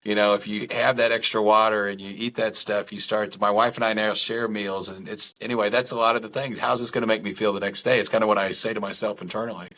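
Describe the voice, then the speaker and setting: A middle-aged man, a podcast guest, telling stories in a casual chat, lively, candid and self-deprecating. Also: lowish voice, quick pace, hardly any pauses.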